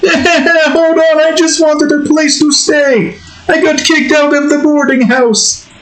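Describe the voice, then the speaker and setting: Picture a squeaky, whiny young fellow who sounds wronged by everyone, whining and pleading in a thin, strained voice. He sounds a touch rushed. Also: flat delivery, a bit bright, echoey room, exaggerated voice, poor audio. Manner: pleading, yelping complaints. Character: whiny high-voiced young man, easily upset.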